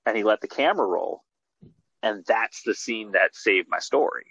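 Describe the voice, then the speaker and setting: A male filmmaker talking casually in an interview over a video call, rambling excitedly with many restarts and fillers. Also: on the low side, moderate pace, gravelly, husky, no echo. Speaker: filmmaker guest. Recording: dull lo-fi video call audio.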